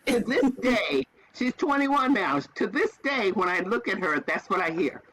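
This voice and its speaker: A woman's voice: mid-range voice, very animated, unhurried, a bit bright, poor audio. Emphatic woman in her seventies. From American South. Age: 70s. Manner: emphatic, repeats phrases for effect. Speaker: podcast guest, retired teacher. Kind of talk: heartfelt conversational storytelling.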